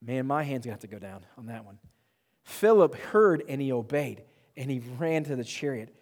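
A young man preaching a sermon, animated and joking, with self-mocking asides. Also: mid-range voice, moderate pace, in a large hall. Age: young adult. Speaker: pastor.

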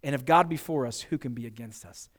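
In a church sanctuary, an American man preaches a sermon as pastor, his medium-pitched voice moving fairly quickly. He speaks earnestly and conversationally, often repeating words, and the church hall adds a long reverb.

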